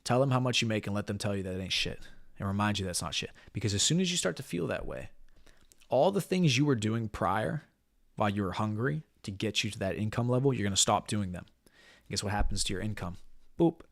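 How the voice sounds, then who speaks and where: A man's voice: fairly low pitch, animated, brisk, vocal fry, dry recording, studio quality. A man acting as a business mentor, giving a blunt motivational talk full of profanity and emphatic repetition.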